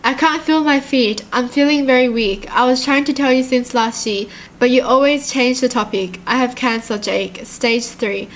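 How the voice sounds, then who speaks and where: A woman reading out the text messages of a frightened, gravely ill young girlfriend in a soft, scared way. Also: high-pitched, moderate pace, lightly acted.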